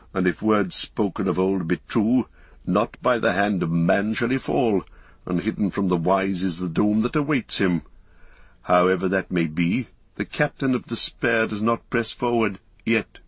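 A man voicing an old male wizard, grave and commanding, with a measured, solemn delivery. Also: low voice, breathy edge, no echo, lo-fi sound. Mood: calm.

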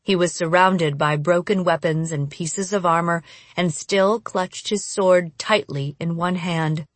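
A woman reading a first-person audiobook in a measured, expressive narration. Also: fairly low pitch, dry recording.

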